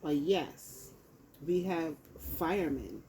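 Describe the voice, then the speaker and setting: Slow, blunt woman reading tarot. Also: low voice, dark tone, husky, rough recording. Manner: blunt and profane, emphatic repeats. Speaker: tarot reader. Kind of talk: casual collective tarot reading. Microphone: phone.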